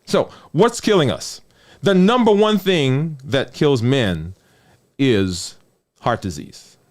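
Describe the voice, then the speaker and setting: A man, a physician giving a conversational health talk, who keeps asking "right?", repeats phrases for emphasis and drops low and soft on key words. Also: animated, slow.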